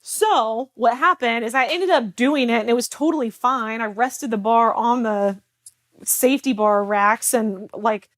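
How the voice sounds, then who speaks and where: A woman's voice: on the high side, measured pace, dry recording. Chatty woman telling a story, close and dry. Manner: chatty storytelling with many fillers, quotes herself and others. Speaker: health coach. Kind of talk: casual talk to camera.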